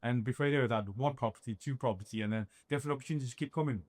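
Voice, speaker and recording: A man's voice: mid-range voice, rapid-fire, dry recording. A young man, an entrepreneur, giving a live motivational talk and acting out dialogue as he tells stories. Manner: animated storytelling, acts out his own quoted dialogue.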